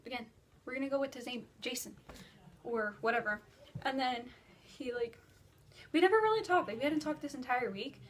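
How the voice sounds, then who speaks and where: A teenage girl vlogger telling a dream story in casual, rambling chat, filler-heavy and animated. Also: high voice, a little hiss or hum. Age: teens. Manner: breathless and animated while retelling a dream.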